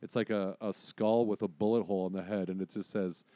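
A man's voice: fairly low pitch, a little fast, no room sound. A man telling a story in casual conversation, acting out the voices of the people in it. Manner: animated, acts out voices in his story.

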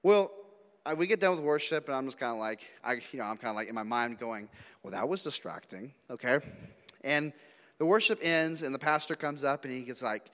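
A man preaching a youth sermon, telling animated stories, acting out quotes and joking along the way. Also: mid-range voice, fairly quick, smooth. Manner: animated storytelling, acts out quotes, jokey asides. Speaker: youth pastor. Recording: long hall reverb.

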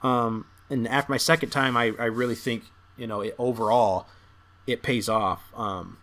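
A man's voice: mid-range voice, steady tone, moderate pace, fairly bright tone. A man co-hosting a podcast in a casual movie discussion, thinking aloud with many hesitant restarts. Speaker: podcast co-host.

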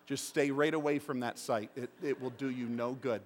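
A middle-aged man speaks as pastor in a church sanctuary, using a mid-range voice at a moderate pace. His sermon features animated stories with acted-out quotes, and the room gives a long hall reverb.

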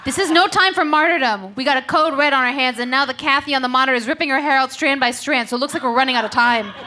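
A woman's voice: high voice, fast, pushed and bright. A woman playing a spaceship crew member in an improvised comedy, blunt and wisecracking. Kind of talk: improvised comedy role-play.

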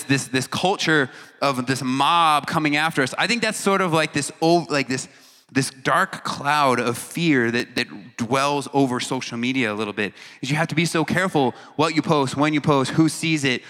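A man's voice: on the high side, moderate pace, pushed and bright. A man giving a casual, joking talk to a teen audience, acting out reactions and stumbling over long words. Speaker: youth speaker. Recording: hall reverb.

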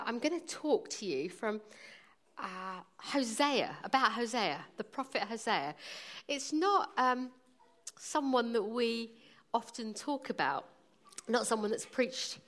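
Lively higher-voiced woman preacher. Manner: lively, humorous storytelling. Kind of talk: sermon with a personal story.

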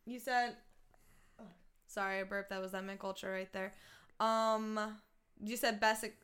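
A woman's voice: medium pitch, flat delivery, a little slow, fairly bright tone, clear, resonant tone. A woman in her early twenties chatting loosely as a podcast co-host, laughing easily and swearing casually. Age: 20s. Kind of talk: casual chat.

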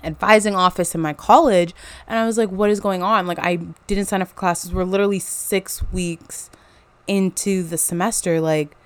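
A young woman in her twenties, a college student, telling a story casually with lots of fillers and animated retellings. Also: mid-range voice, moderate pace, smooth, no room sound. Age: 20s.

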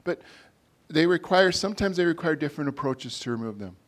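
A man, a pastor, preaching a sermon in a conversational way, his loudness rising and falling as he makes his points. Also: fairly high pitch, animated, fairly quick.

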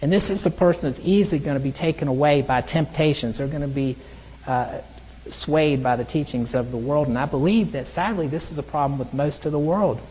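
A middle-aged man preaching a sermon in an earnest way, reading scripture aloud slowly. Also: on the high side, darkish tone, long reverb tail, slight background noise, low-quality recording. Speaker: pastor.

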